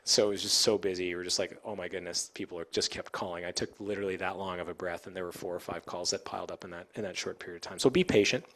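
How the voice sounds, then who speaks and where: A man who works as an air traffic controller, giving a casual, fast-paced talk to pilots with plenty of fillers and restarts. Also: deep voice, fairly even intonation, fairly bright tone. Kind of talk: informal safety talk to pilots.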